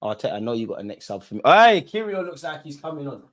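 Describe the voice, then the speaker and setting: A young man hosting a football watch-along, reacting live to the match in a slangy, excitable way and pleading with the players. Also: on the high side, fast. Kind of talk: live reactive commentary to viewers.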